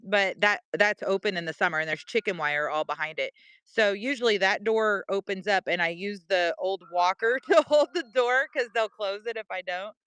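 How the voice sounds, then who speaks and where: A woman's voice: medium pitch, moderate pace, fairly bright tone, clear, resonant tone, no room sound. A middle-aged woman giving a casual walk-and-talk vlog tour of her backyard, chatting to her pets and animals. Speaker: vlogger.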